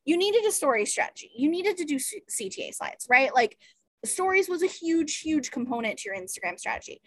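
A woman podcast host chatting casually, expressive and quick to laugh. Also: high voice. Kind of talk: casual chat.

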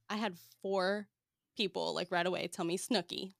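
A woman's voice: fairly low pitch, steady tone, measured pace, creaky, dry recording, clean studio sound. A woman hosting a podcast in casual chat, laughing often as she talks. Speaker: podcast host.

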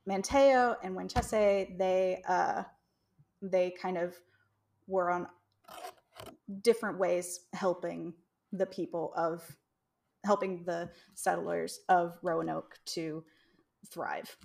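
A woman's voice: fairly low pitch, steady tone, slow pace, gravelly, pauses often, a little mellow. A young woman hosting a casual podcast, telling history in a rambling way with frequent laughs. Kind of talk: casual chat.

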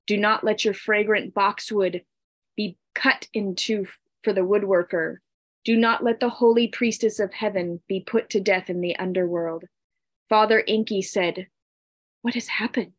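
A woman narrating an ancient myth in a deliberate, solemn storytelling style. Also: medium pitch, steady tone, no room sound.

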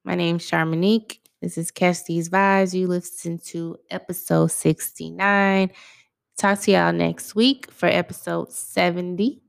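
On the low side and delivered flatly at a measured pace, her voice is creaky, clear, and resonant. She is a young adult woman casually chatting solo on her podcast, laid-back and slangy.

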